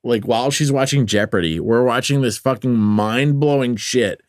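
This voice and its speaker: A young man in his late twenties hosts a loose podcast talk, laughing easily and swearing as he chimes in with quick yeahs. His mid-range voice is close and dry, with no room sound. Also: mid-range voice, no room sound. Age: young adult. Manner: laughing, profane, quick agreeing interjections. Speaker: podcast host. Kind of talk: casual podcast chat.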